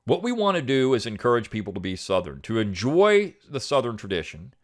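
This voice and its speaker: A man's voice: medium pitch, huge pitch swings, a little fast. A middle-aged man hosting a podcast, reading an essay aloud and then musing on it in an earnest way, with many fillers and restarts. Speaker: podcast host.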